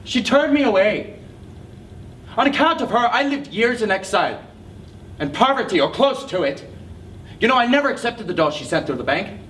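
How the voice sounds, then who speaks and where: A man's voice: sits high, expressive, normal speed, pauses often. A man playing a brooding, bitter man. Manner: intense, brooding, often hushed. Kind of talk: stage play acting. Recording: distant mic with noisy hiss.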